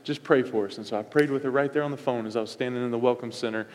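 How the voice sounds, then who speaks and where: A man's voice: mid-range voice, fairly even intonation, rapid-fire. A middle-aged male pastor preaching a sermon, with punchy, repetitive phrasing and emphatic outbursts. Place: church sanctuary. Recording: long reverb of a church hall.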